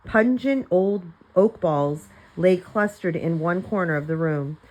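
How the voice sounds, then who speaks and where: Lady reading a kids' chapter book aloud, lowish voice, easy storytelling. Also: unhurried, darkish tone, rough recording. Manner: plain storytelling with light character voices and small slips. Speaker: reader of a children's novel.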